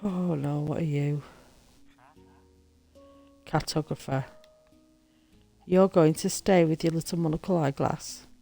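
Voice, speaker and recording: A woman's voice: low voice, steady tone, slow pace, gravelly, pauses often, dark tone, soft background music. A woman chatting casually to her viewers as she plays a building game and talks to the characters. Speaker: gaming streamer. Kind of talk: casual gameplay commentary.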